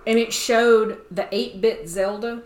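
A woman's voice: medium pitch, unhurried. Middle-aged woman chatting and laughing. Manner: relaxed, chatty, laughs along. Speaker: podcast co-host. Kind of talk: casual chat.

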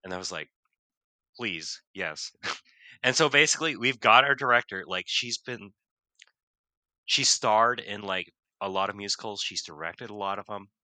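A man's voice: on the low side, moderate pace, long pauses, no echo. A male vocal music teacher chatting casually, telling stories with lots of fillers and laughter. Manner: rambling, animated storytelling with many fillers and laughs. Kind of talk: casual podcast chat.

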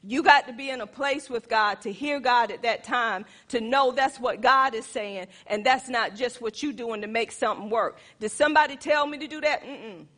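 A woman preacher with a high, bright voice, telling her testimony in an emphatic, animated way. She speaks straight to her congregation. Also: moderate pace, hardly any pauses. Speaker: pastor. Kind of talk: sermon testimony.

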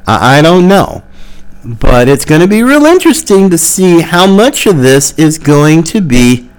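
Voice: medium pitch, big pitch swings, unhurried. A political commentary host talking solo, emphatic and exasperated, repeating words for stress.

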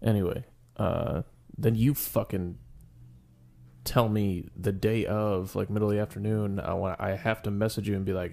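A man's voice: lowish voice, steady tone, normal speed, vocal fry, mellow. A young man telling a rambling, profane story on a casual podcast as its co-host.

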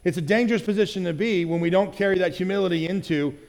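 A man's voice: high-pitched, quick pace, big-room sound. A male pastor giving a conversational sermon, often checking in with "right?" and acting out quoted lines in other voices.

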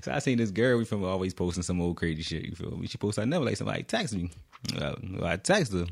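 A young man talks in a low voice with a gravelly edge. His pitch swings widely as he tells a laid-back story in street slang. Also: sing-song, fast talker. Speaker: podcast co-host. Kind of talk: casual chat.

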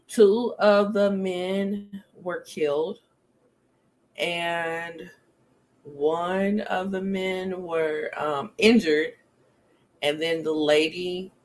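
A woman hosting a casual podcast, speaking frankly with many ums and frequent laughter. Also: on the low side. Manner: chatty, frank, laughs often, filler ums. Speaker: podcast host. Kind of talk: casual chat.

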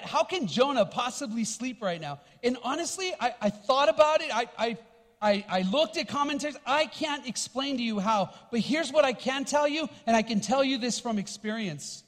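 A man giving a sermon as a guest minister, speaking with animated emphasis and often repeating words as he goes. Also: extremely high pitch, big-room sound. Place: church hall.

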